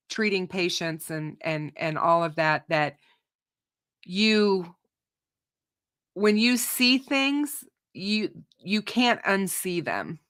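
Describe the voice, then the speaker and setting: A woman hosts a true crime show and talks unscripted to her audience in a slow, unhurried way. Her tone is bright and forward. She is opinionated, restarts and repeats words, and her voice is starting to go, with some throat clearing. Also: on the low side. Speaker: true crime channel host. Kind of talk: unscripted commentary to a live audience.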